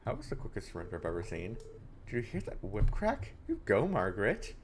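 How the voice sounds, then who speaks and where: A man's voice: on the low side, huge pitch swings, brisk, noisy background. A man casually commenting on a game as a streamer, joking and sarcastic, swearing freely.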